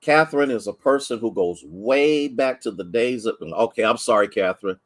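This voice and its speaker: A man's voice: mid-range voice, animated, normal speed. A man from Ohio speaking as pastor in a livestreamed noon Bible study, talking conversationally, greeting viewers by name, restarting sentences and at times near tears. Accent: Ohio, Midwestern American. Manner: emotional, close to tears at times.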